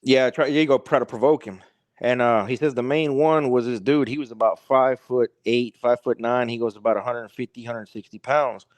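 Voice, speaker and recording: Male podcast guest, rambling storyteller, mid pitch, dry close sound. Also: steady tone, fairly quick, no room sound. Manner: rambling, repeats "he's like" and "he goes". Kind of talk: casual storytelling.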